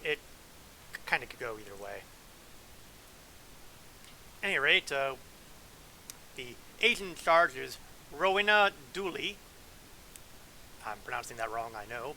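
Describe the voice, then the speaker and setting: A man's voice: on the high side, bright, forceful tone, slight background noise, rough recording. A man streaming a space game, reading lore aloud with wry, joking asides. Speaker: gameplay streamer.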